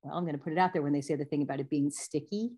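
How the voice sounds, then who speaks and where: A woman in her forties, an actor guest chatting in a relaxed, rambling way that keeps jumping into little acted-out quotes. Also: racing. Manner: lively storyteller who acts out quotes in sudden high voices. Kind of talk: casual conversation.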